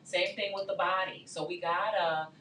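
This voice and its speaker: A woman's voice: fairly low pitch, fairly even intonation, normal speed, bright, forceful tone. A woman guest on a talk show, explaining plainly and using simple comparisons. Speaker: guest speaker. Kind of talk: casual studio discussion. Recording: echoey studio, mic at a distance, faint hum.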